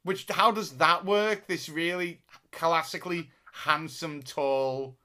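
A man's voice: a little high, steady tone, slow pace, bright, forceful tone. A man co-hosting a casual podcast chat, rambling through stories with frequent restarts. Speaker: podcast co-host.

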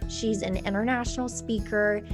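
A woman talking straight to camera, teaching on-camera speaking tips in a casual instructional way, with lively inflection and deliberate pauses. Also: mid-range voice, over music. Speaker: online presenter giving on-camera tips. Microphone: camera facing the speaker.

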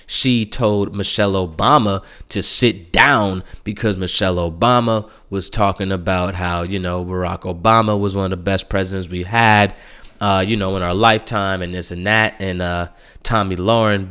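A man hosting a solo podcast, ranting in a heated, profane way and often getting louder. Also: on the low side, clear, resonant tone. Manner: profane, heated, swings into loud mocking impressions. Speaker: podcast host.

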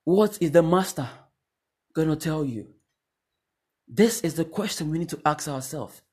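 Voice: mid-range voice, animated, unhurried, darkish tone, breathy edge. A preacher giving a sermon, exhorting the listeners with repeated questions and refrains that rise into fervent calls. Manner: repetitive exhortation, rising to fervent repeated cries.

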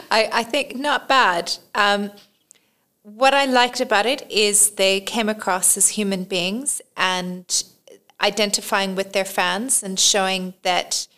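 A woman's voice: mid-range voice, fairly bright tone. Thoughtful woman podcast co-host. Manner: thoughtful, conversational, hesitant restarts with light laughs. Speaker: podcast co-host, PR and communications professional. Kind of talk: casual discussion podcast.

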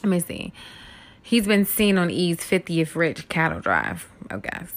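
A woman's voice: on the low side, very animated, unhurried. A woman hosting a casual celebrity gossip commentary, candid and profane, often laughing, with features. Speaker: host.

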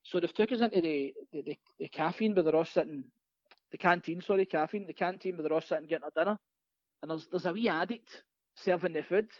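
A Scottish comedian rattles through a sweary story in a bright, high voice. He talks quickly and laughs along with his own tales. The recording is dry and a little dull. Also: no echo. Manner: rapid, profane, laughing anecdotes. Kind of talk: casual storytelling.

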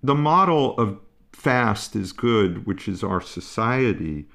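Calm man with a gravelly low voice. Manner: calm, musing, halting with restarts. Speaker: parenting expert guest. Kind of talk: conversational explanation.

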